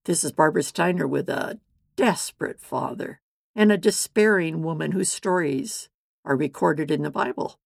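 A woman narrating a Bible story in a measured, deliberate scripted reading. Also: deep voice, creaky, no room sound, clean studio sound.

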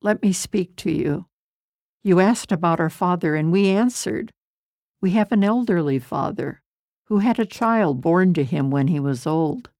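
A woman voicing Judah, a grown man earnestly pleading for his youngest brother, in a slow storybook reading. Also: fairly low pitch, a little mellow, no room sound, clean studio sound.

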